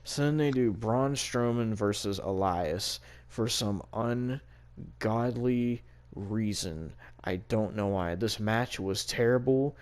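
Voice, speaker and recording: A man's voice: lowish voice, takes it slowly, darkish tone. A man co-hosting a casual wrestling review, ranting in exasperation and swearing freely. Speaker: podcast co-host.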